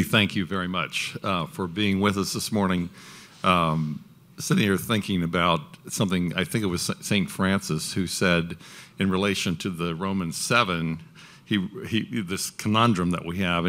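A male moderator talks to an audience in a loose, rambling way and pauses often to find his words. His voice is very low yet bright in tone. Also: fairly even intonation. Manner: rambling, hesitant, many ums. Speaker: event moderator. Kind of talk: casual remarks to an audience.

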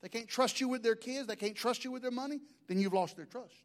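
A man's voice: very high voice, quick pace. A middle-aged man, preaching a sermon in a folksy, joking storytelling way. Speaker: pastor.

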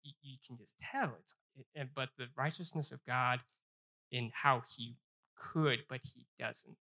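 Man, Bible study teacher, bright voice, earnest, repeats himself and slows down for scripture. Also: medium pitch, steady tone. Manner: earnest, repeats phrases, stumbles and restarts; reads scripture aloud with slow emphasis.

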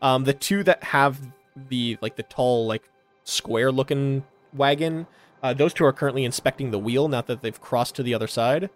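Halting male game master. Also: medium pitch, faint music behind. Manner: descriptive, halting, with many fillers. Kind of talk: narrating a tabletop game.

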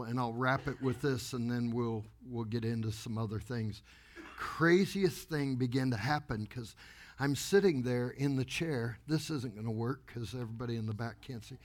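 A pastor telling a story in an animated, exuberant sermon to a congregation in a church. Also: male voice, mid-range voice. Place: church sanctuary before a congregation.

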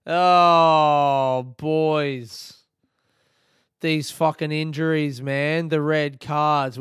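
A dry, studio-quality recording captures a young Australian podcast host talking on his own. His voice is medium in pitch, clear and resonant, and he rambles easily, swearing a lot along the way.

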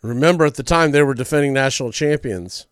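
A man's voice: mid-range voice, fast talker, clear, resonant tone, no echo, studio quality. A man hosting sports talk radio, telling old game stories in a chatty way with small slips.

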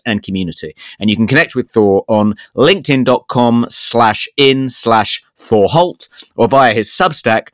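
A man's voice: mid-range voice, no room sound, clean studio sound. A man co-hosting a podcast in casual chat, telling rambling anecdotes with many restarts and stammers. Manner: stammering, self-deprecating anecdotes. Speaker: podcast co-host.

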